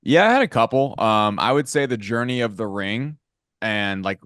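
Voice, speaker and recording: A man with a fairly low voice talks through his favourite moments of an episode. He rambles loosely and leans on filler words. His voice is recorded close and dry. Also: animated, normal speed, fairly bright tone, clean tone, dry recording. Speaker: podcast co-host. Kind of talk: casual film review chat.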